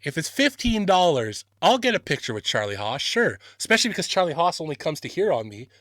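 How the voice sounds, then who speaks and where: Bright, laughing, foul-mouthed podcast host. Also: male voice, on the high side, fast, no echo, clean studio sound. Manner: animated, swears a lot, laughs often. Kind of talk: casual chat.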